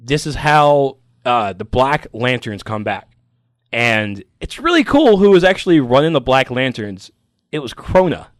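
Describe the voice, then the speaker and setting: A man on a comic book podcast, chatting excitedly and emotionally, acting out scenes from the stories. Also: mid-range voice, a little slow, no room sound, studio quality. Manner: emotional, animated, acts out comic scenes in voices. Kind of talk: excited casual chat.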